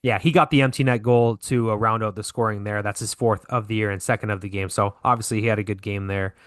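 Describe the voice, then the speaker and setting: A man's voice: on the low side, steady tone, fast talker, no echo, studio quality. A man co-hosting a podcast, recapping hockey scores in a casual way and correcting himself with lots of fillers. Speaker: podcast co-host.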